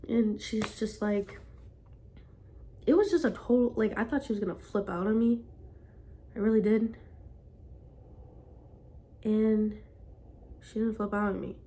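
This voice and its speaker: A woman's voice: mid-range voice, measured pace, pauses often, dark tone. A young woman telling a personal story in a casual vlog, rambling with constant "like" fillers. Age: young adult. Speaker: vlogger.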